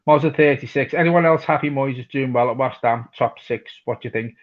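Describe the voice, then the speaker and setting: A man's voice: medium pitch, a little fast, dull audio. A man from hosting a live football watch-along, reading out viewer comments and chatting casually with plenty of swearing. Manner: casual, swears freely, reads chat messages aloud. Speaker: fan channel host reading viewer comments.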